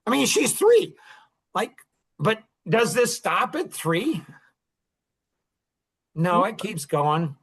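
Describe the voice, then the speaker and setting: A man's voice: high-pitched, big pitch swings, takes it slowly, pauses often, a bit bright, husky. A man in his sixties talking in a rambling, emphatic monologue, repeating phrases as he goes. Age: 60s. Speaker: podcast host. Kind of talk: casual monologue.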